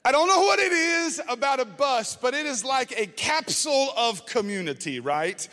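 A male student ministry pastor, preaching with animated storytelling that shifts from slow prayer to lively anecdotes. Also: extremely high pitch, long reverb tail. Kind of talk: sermon with personal storytelling.

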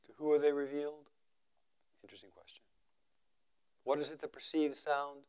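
A man giving a slow, measured talk at a meditation retreat, repeating phrases for emphasis and letting his voice fall quiet at the ends of thoughts. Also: on the high side, little pitch movement, clean tone. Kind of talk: contemplative dharma talk.

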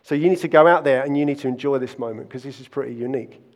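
A preacher playing an exasperated, pushy stage manager. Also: male voice, medium pitch, darkish tone, big-room sound, lightly acted. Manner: urgent, hurried pleading.

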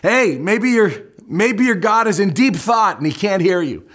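A man's voice: mid-range voice, sing-song, measured pace, darkish tone, husky. A preacher acting out a sarcastic male prophet who mocks his rivals, in a taunting, teasing manner. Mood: mocking. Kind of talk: sermon storytelling.

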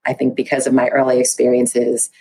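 A woman's voice: extremely low pitch, completely flat delivery, brisk, warm tone, slight background noise. A woman researcher, a podcast guest, speaking candidly and reflectively, acting out her own inner dialogue. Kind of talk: candid conversational interview.

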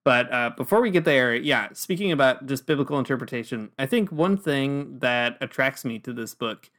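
A man's voice: mid-range voice, animated, normal speed, fairly bright tone. Easygoing man co-hosting a podcast. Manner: joking, easygoing, frequent fillers. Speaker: podcast co-host. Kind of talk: casual chat.

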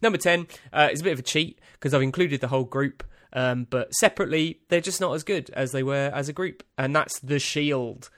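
A man's voice: fairly high pitch, brisk, few pauses, fairly bright tone, dry recording. A man hosting a podcast, reading out a list in a rambling, dry, self-amused way with lots of ums and uhs. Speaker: podcast host. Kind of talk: casual solo podcast monologue.

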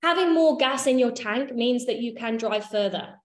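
A woman with a voice on the high side, speaking at a moderate pace, leads a workshop in an echoey room. She teaches casually and chattily, swearing offhand and checking that her listeners are following.

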